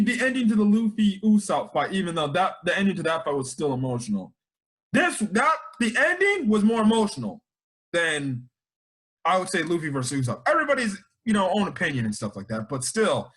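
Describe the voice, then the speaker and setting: A high-voiced man gives an anime review in casual conversation. He sounds excitable the whole way, his pitch swinging widely as he rambles, restarts and uses slang.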